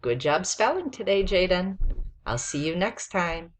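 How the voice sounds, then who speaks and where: A woman's voice: on the low side, very animated, a little slow, a little hiss or hum. A woman teacher giving a spelling lesson to a child, patiently spelling words out letter by letter.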